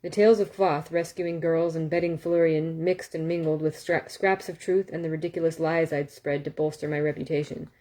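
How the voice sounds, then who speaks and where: A woman reading a novel aloud in a calm, steady way, with small self-corrections and asides. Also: low-pitched, a little fast, hardly any pauses. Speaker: audiobook reader.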